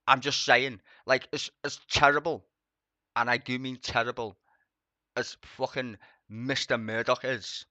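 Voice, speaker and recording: A man's voice: mid-range voice, bright, forceful tone, no room sound. A young man streaming casual political commentary, rambling, sweary and sarcastic.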